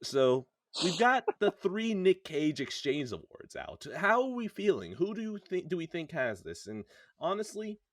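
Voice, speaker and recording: Animated joking man hosting a podcast. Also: high-pitched, measured pace, no room sound, clean studio sound. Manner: joking, animated, laughs often. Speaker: podcast host. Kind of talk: casual chat.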